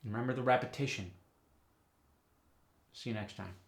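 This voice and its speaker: A man teaching a dialect tutorial as an upbeat accent coach, loudly exaggerating the example words he demonstrates. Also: medium pitch, moderate pace, roomy sound.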